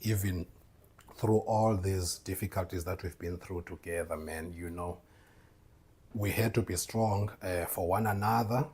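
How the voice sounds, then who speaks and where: A man hosting a motivational faith podcast, talking to listeners as "bro" and "man" and bursting into loud laughter. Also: low voice, steady tone, unhurried, breathy edge. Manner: tags lines with "bro", "man" and "right?". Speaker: podcast host.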